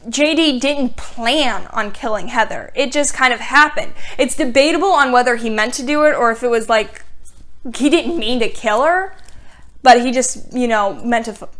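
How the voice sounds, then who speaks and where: A woman's voice: high-pitched, fairly bright tone. Sarcastic young woman reviewing a show. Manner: sarcastic, exasperated recapping with many "like"s. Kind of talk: casual TV review.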